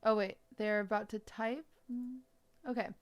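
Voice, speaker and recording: A woman's voice: a little high, fairly even intonation, moderate pace. A woman hosting a casual livestream, chatting with her viewers and thinking aloud as she clicks through an app lesson, on a desk microphone. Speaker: livestream host.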